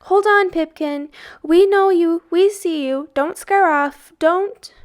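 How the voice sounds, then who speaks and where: A woman's voice: very high-pitched, slow, pitched above the performer's own voice. A woman reading aloud voices a frightened young boy who calls out urgently to a lost friend. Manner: urgent, calling out loudly.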